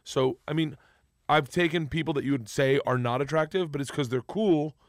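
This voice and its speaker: A middle-aged man telling stories in casual podcast chat, rambling, with bursts of loud laughter. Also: fairly high pitch, moderate pace, no echo, studio quality. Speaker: comedian guest.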